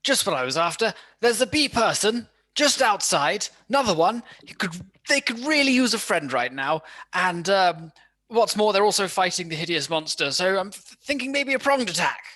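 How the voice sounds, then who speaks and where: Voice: mid-range voice, moderate pace. A player in a tabletop game, talking playfully in and out of character. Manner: lively, playful in-character talk. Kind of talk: casual tabletop play.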